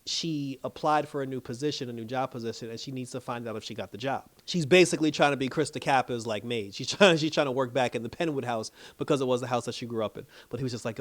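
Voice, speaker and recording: A man's voice: medium pitch, fast. A man casually recapping a drama episode. He swears freely, laughs often and acts out the characters' lines in playful voices. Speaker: TV show reviewer.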